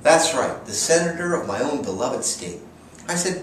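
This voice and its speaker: A man's voice: mid-range voice, moderate pace, a little hiss or hum. Exasperated man telling a comic story. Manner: exasperated, deadpan sarcasm. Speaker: vlogger. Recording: echoey room, distant mic, faint ambience.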